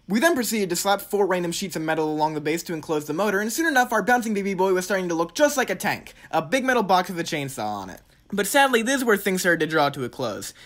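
Young male comedic narrator, brisk delivery, dry sarcasm with mock-epic flourishes. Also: a little high, a bit bright. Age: young adult. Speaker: storyteller.

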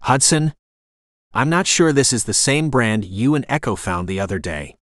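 A man's voice: mid-range voice, expressive, moderate pace, a bit bright, no echo, clean studio sound, natural voice. Determined young woman, urgent, lighter voice, read by a man.

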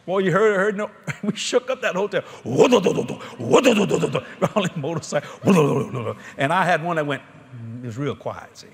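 A man's voice: high-pitched, fast talker. A middle-aged man, preaching a sermon in a folksy storytelling way at a large convention. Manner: folksy, animated storytelling with laughter.

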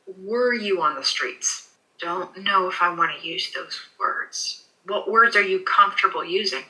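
A woman working as a pet psychic in a session, soothing and reassuring, often halting with fillers. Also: on the low side, pushed and bright, poor audio. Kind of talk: animal communication session.

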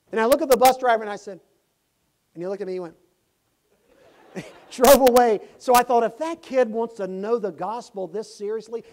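A man preaching a sermon, telling a story with lively swings from loud exclamations to hushed asides. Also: sits high. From Tennessee, USA. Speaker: pastor. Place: church sanctuary.

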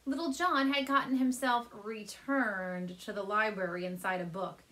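A woman teacher reading a children's chapter book aloud from her couch at home, speaking gently and warmly to young listeners. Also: medium pitch, moderate pace. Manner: gentle, animated storyteller addressing kids.

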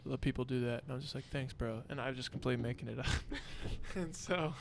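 A man's voice: medium pitch, fast, creaky, a little hiss or hum. A young man and podcast guest, telling a story in casual chat and acting out the quotes. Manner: animated storyteller, acts out quotes.

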